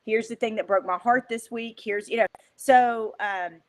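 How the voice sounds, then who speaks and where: A woman guest on an interview show, talking in an emphatic, animated, motivational way with frequent fillers. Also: fairly high pitch, moderate pace, few pauses. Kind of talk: motivational conversational talk.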